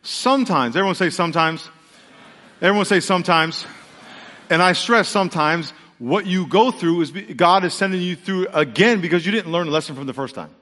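A pastor preaching a sermon. He tells the story dramatically and acts out the voices, then drops to a low, earnest hush. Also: expressive, fairly quick. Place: large church sanctuary. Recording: church hall with long reverb.

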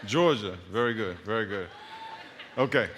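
Welcoming his congregation with teasing jokes, a middle-aged man from Long Island, New York, serves as pastor in a large church auditorium. He speaks at a normal speed in a voice on the low side with a fairly bright tone. Slight background noise joins the echo of the big hall.

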